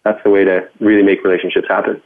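A man's voice: deep voice, little pitch movement, fast talker. A man guest talking casually and upbeat about play at work, with many restarts. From Canada. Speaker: podcast guest, speaker on workplace play. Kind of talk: casual interview talk. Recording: tinny phone line.

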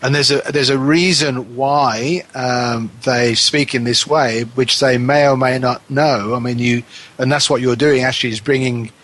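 A man's voice: mid-range voice, fairly even intonation, a little slow, fairly bright tone. A man interviewing a guest, asking questions and reflecting on her answers, rephrasing as he goes.

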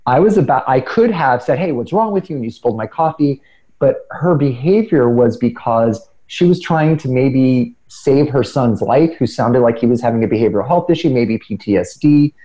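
A middle-aged man with a dark, mellow voice talks through personal stories in an easygoing conversational way. He is earnest and a little self-deprecating, often restarting mid-sentence as his thoughts catch up. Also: medium pitch, poor audio. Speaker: podcast guest speaker. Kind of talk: casual conversational storytelling.

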